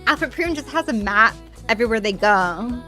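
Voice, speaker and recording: A woman streaming a game and chatting casually with her viewers, excitable and quick to swear, squealing greetings when viewers arrive. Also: a little high, soft background music.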